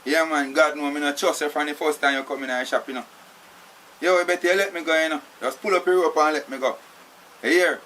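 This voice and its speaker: A man's voice: on the high side, steady tone, a little fast, sharp tone, a little hiss or hum. A man playing a tied-up Jamaican captive. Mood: accusing. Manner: pleading, arguing, repeats "you know". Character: tied-up man pleading and arguing with his captor. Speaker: actor in a film. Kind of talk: film dialogue.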